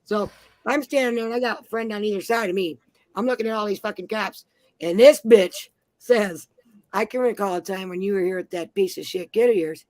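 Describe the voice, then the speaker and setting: A woman's voice: mid-range voice, fairly quick, a little mellow, dry recording. A woman in her forties telling brash, profane stories in a casual chat. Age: 40s. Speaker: panel host.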